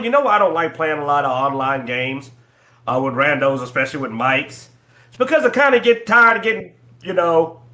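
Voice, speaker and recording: Bright-voiced man telling stories animatedly. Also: on the high side. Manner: animated storytelling, laughing often. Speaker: co-host. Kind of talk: casual chat on a livestreamed show.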